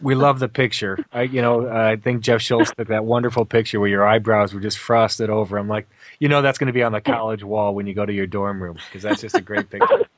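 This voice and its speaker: A man's voice: lowish voice, fairly even intonation, fairly quick, no echo. A man hosting an interview, friendly and restarting his questions as he goes. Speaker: host interviewer. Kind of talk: casual interview chat.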